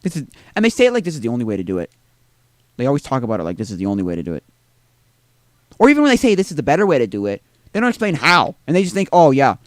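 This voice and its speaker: A man's voice: mid-range voice, wildly swooping pitch, racing, long pauses, dry recording. A man streaming a video game live, rambling to himself with tag questions and drifting into exasperated rants. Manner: exasperated ranting. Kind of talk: live gameplay commentary.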